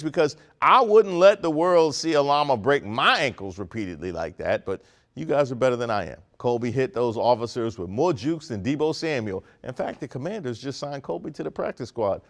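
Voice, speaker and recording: Animated man delivering sarcastic news jokes. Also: medium pitch. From Prince George's County, Maryland, US. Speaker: comedy news segment host. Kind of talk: comedic news commentary.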